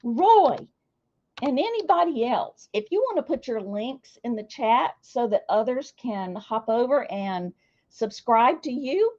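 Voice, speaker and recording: A woman chats slowly through a livestream, greeting viewers by name and teasing herself. Her voice sits a bit high and moves around a lot. The sound is dull and lo-fi. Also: mellow. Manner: chatty and self-deprecating, reads viewer names aloud. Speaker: livestream host. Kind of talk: casual livestream chat with viewers.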